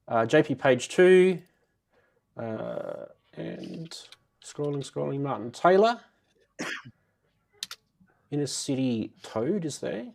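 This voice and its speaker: A man with a cold hosts a live stream, sounding nasal and a little muffled. He chats easily, greets viewers by name and laughs often, at an ordinary middle pitch. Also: vocal fry, darkish tone. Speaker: host of a live synth show. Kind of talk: casual live-stream chat.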